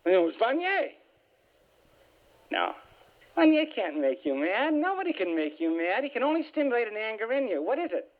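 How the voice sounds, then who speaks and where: A man's voice: high-pitched, brisk. Man telling a story over tinny radio. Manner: lively storytelling with self-mocking asides. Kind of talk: humorous spoken talk. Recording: tinny phone-like radio sound.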